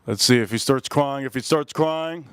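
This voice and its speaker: A man hosting a casual livestream whiskey review, talking excitably and rambling straight to his viewers. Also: medium pitch, moderate pace, clear, resonant tone, dry recording.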